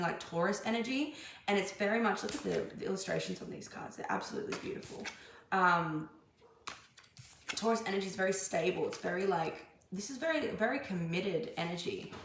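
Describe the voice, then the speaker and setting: Chatty woman in echoey room. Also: medium pitch. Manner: chatty, rambling, many fillers and restarts. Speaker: tarot reader. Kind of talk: casual spoken tarot reading. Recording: echoey room, faint background noise.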